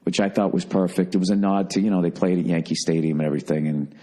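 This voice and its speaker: A man's voice: low voice, fairly even intonation, quick pace, warm tone. A man hosting a podcast, telling a story in a casual, profane, emphatic monologue. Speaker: podcast host.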